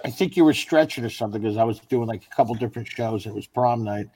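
A man, a stand-up comedian, telling profane, animated anecdotes in casual chat with fellow comics. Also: medium pitch, quick pace, slightly rough, dry recording. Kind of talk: casual storytelling among comics.

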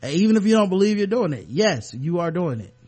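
Chatty man hosting a podcast, higher voice. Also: sing-song, quick pace, a little mellow. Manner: loose and conversational, clears his throat often. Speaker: podcast co-host. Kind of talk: casual chat.

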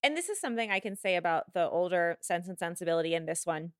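A woman co-hosting a podcast in casual chat, rambling and animated, laughing often. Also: on the low side, fast talker, no room sound, clean studio sound. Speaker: podcast co-host.

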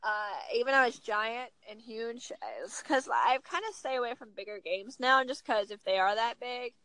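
Woman podcast guest, animated storyteller, slightly high voice, dry close sound. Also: normal speed, no room sound, low-quality recording. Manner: animated storyteller, acts out quotes. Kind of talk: casual chat.

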